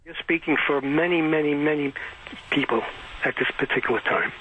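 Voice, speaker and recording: An older man calling in to a talk radio show, speaking haltingly with many pauses. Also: a little high, bright, forceful tone. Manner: halting, many fillers and restarts. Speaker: caller. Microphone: phone. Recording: dull lo-fi phone line with faint hiss.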